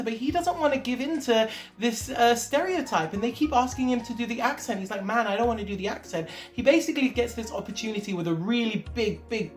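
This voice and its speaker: A young adult woman, an actor, talking to her viewers in a chatty, emphatic vlog style with some casual swearing. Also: a little high. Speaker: actor and vlogger. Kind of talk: casual vlog talk to camera.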